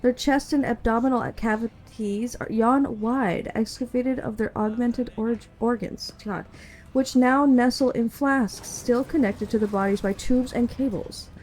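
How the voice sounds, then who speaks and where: Chatty higher-voiced woman streamer reading game text aloud. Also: fairly even intonation, darkish tone. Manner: chatty, quick asides.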